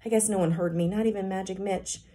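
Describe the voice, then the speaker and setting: A woman kindergarten teacher reading a children's chapter book aloud with expressive storytelling narration. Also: mid-range voice, fast.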